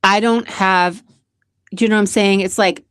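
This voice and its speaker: A woman's voice: medium pitch, steady tone, moderate pace. A woman hosting her own channel, talking earnestly through a personal motivational monologue, repeating phrases for emphasis. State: close to tears at times. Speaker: channel host.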